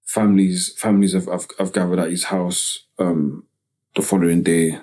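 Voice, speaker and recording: Man, North London accent, low pitch, mellow tone, podcast guest, casual storytelling, slangy, restarts. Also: flat delivery, moderate pace. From Tottenham, London. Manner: slangy, frequent "you get me" tags, many restarts.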